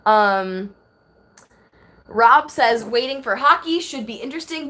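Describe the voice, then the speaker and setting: A woman's voice: on the high side, lively intonation, a little slow, long pauses, bright, forceful tone. A woman in her thirties chatting casually on a phone live stream, rambling and reading viewer comments aloud. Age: 30s. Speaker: livestream host.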